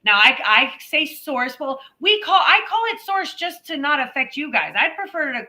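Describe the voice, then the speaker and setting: A woman co-hosting a podcast, telling stories in animated casual chat with quick asides. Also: high-pitched, low-quality recording. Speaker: podcast co-host.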